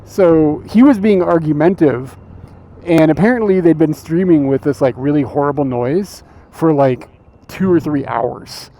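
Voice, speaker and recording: A man's voice: fairly high pitch, moderate pace, mellow. A man streaming live outdoors on a city street, telling a story in a laid-back, chatty way and laughing often. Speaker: IRL streamer. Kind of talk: casual storytelling on a walk.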